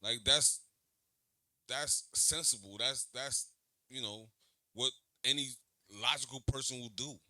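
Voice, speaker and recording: A man hosting a reaction video, talking back to an interview clip in a slangy, animated way and repeating himself. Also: medium pitch, a little slow, pauses often, no room sound, clean studio sound. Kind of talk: reaction commentary.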